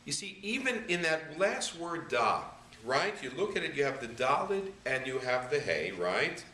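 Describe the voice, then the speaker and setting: A rabbi patiently sounding out syllables one by one in a slow reading lesson. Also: male voice, on the high side, big pitch swings, sharp tone, a little hiss or hum. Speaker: rabbi teaching Hebrew reading. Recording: echoey room, voice a bit far from the mic.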